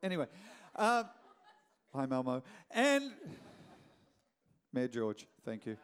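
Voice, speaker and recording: A middle-aged Australian man, a pastor preaching a sermon in a lively, joking storytelling manner with quick restarts. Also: medium pitch, clean tone.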